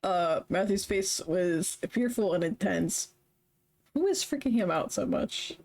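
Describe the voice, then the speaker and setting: A woman's voice: mid-range voice, expressive, unhurried, darkish tone. Young woman, streamer, reads game text aloud, chatty, laughs often, desk mic. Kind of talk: reading a visual novel aloud with commentary.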